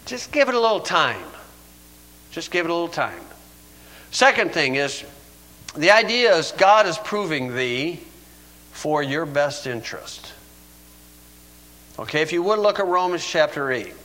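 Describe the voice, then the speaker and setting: A man's voice: fairly high pitch, very animated, unhurried, pauses often, sharp tone, poor audio. An older man preaching a sermon in a folksy, storytelling way, chuckling often. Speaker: pastor.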